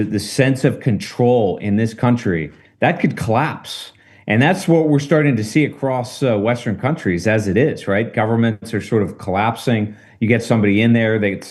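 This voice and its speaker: A man talking through current politics in a casual discussion, measured and emphatic, with rhetorical questions. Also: fairly low pitch, darkish tone. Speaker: political commentator.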